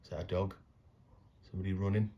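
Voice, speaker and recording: A man's voice: low voice, little pitch movement, fast, mellow, dull audio. A man musing aloud in a casual unboxing commentary, chatty and tripping over words. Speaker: coin collecting vlogger.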